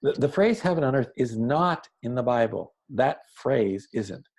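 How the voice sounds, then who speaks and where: A man's voice: mid-range voice, lively intonation, unhurried, darkish tone, husky, low-quality recording. A man being interviewed as an author, explaining his ideas earnestly and telling stories in a conversational way.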